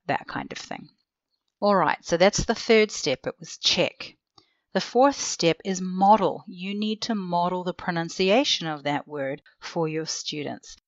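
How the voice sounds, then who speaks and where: A woman who trains language teachers, explaining vocabulary teaching in a casual, clear way, often asking rhetorical questions as she goes. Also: sits low, no room sound, dull audio. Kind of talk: instructional podcast talk. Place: seated indoors.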